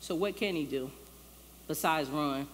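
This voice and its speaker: A woman's voice: low voice, a little slow, slight background noise. A woman pastor preaching a sermon in a loose, conversational way, acting out the lines she quotes. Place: church sanctuary. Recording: long church-hall reverb, faint ambience.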